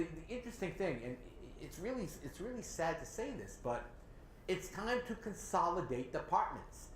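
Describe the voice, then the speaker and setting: A man with a New England accent hosting a local talk show, animated and sarcastic as he criticizes city leaders. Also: sits high. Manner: animated, sarcastic, mocks others in put-on voices. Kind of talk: opinionated local politics discussion. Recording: echoey room with faint ambient noise.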